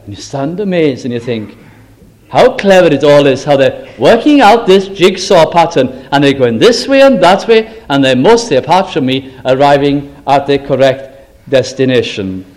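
An older man from Britain preaching a sermon, telling stories with slow, emphatic phrases and self-deprecating asides. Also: on the high side, lively intonation.

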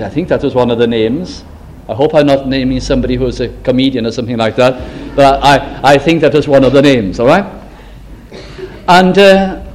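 An older man from Britain preaching a sermon, telling stories with slow, emphatic phrases and self-deprecating asides. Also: a little high, a little mellow.

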